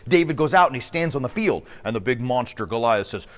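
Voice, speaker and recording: Priest guy telling a story, lively ups and downs, long echo around him. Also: medium pitch, a little fast, few pauses. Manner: animated, enthusiastic storyteller. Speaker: priest and podcast host. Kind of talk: storytelling sermon podcast. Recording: long echoey reverb.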